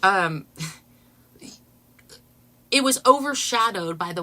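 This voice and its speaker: Bright-voiced excitable woman host. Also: a little high, takes it slowly, long pauses. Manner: excitable, laughing, talks to viewers. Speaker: channel host. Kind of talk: casual livestream chat.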